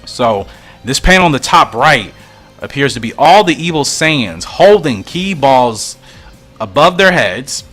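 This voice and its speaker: A man casually talking his way through a comic, musing and thinking aloud as he goes. His mid-pitched voice rises and falls in lively swings and often trails low. Faint music plays behind him. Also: measured pace. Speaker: comic reader and commentator.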